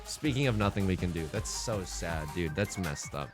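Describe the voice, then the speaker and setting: A man giving live mahjong commentary to his chat, theatrical and quick to swing between mock outrage and laughter. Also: sits low, expressive, faint music behind. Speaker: mahjong streamer.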